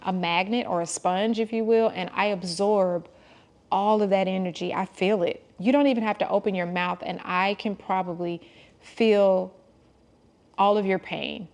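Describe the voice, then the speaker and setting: Earnest woman vlogger in her forties. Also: mid-range voice. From United States. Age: 40s. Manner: heartfelt, addresses viewers as y'all; talks to God and quotes others in lively asides. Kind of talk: casual personal vlog talk.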